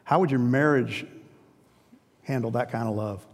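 A man's voice: medium pitch, normal speed, pauses often. A male pastor preaching a sermon in an earnest, emphatic, conversational way. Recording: long reverb of a big hall.

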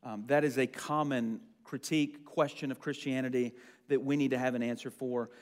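Speaking at a normal pace in a steady, mid-range voice, a young man runs a church discussion group, offering casual teaching with a friendly, chatty manner and plenty of ums. A long room reverb fills the recording from the group's meeting room.

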